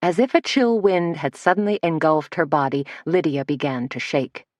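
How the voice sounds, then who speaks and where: A woman with a fairly low voice reads a mystery audiobook in a steady, measured voice. The recording is close and dry, with no room sound around her. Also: dry recording. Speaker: audiobook narrator. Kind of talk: scripted narration.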